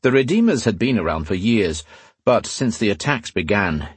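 A man narrating a fantasy story in a steady, scripted reading. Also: on the low side, moderate pace, slightly rough, no room sound. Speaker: audiobook narrator.

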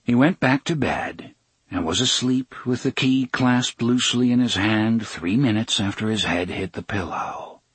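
A man narrating a novel in a measured, steady storytelling manner. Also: mid-range voice, slightly rough, dry recording. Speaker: audiobook narrator. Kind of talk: scripted narration.

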